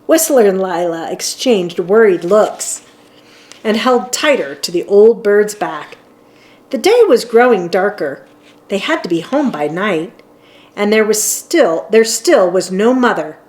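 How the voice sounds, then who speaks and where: A woman reading a children's chapter book aloud in a gentle, expressive way. She takes her time and her pitch moves widely through each sentence. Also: a little slow. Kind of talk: storybook read-aloud narration.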